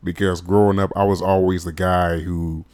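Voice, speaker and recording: Male podcast host, low register, casual rambling delivery, dry close recording. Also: little pitch movement, normal speed, a little mellow, dry recording. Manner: rambling, casual, emotional, says "man" often. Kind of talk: solo podcast monologue.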